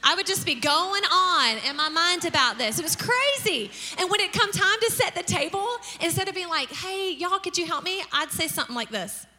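A woman pastor giving a sermon, telling lively family stories and acting out their lines. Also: very high voice, normal speed, hardly any pauses. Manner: storytelling with acted-out family dialogue and humor. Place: church hall. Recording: long reverb of a large church hall.

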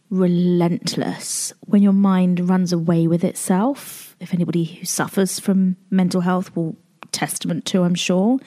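A woman's voice: fairly low pitch, mellow. A woman with a British accent hosting her own podcast, speaking openly and emotionally in a confessional way. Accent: British English. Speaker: podcast host. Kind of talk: candid solo podcast talk.

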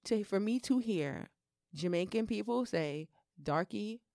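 A woman co-hosting a podcast, telling stories in a blunt, animated way with lots of swearing. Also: medium pitch, a little slow, gravelly, no room sound, studio quality. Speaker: podcast co-host. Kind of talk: casual chat.

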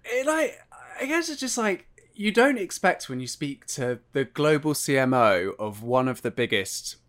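A man's voice: fairly high pitch, big pitch swings, moderate pace, fairly bright tone. Chatty English man in his thirties. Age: 30s. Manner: chatty, self-mocking, lots of "like" and restarts. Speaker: podcast co-host. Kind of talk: casual chat.

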